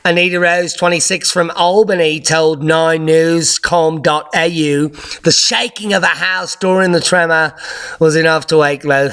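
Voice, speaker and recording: Excitable man hosting a news update. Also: fairly high pitch, clear, resonant tone. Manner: excitable, sarcastic, sudden loud outbursts. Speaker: host of a news update channel. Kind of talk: casual commentary over video clips.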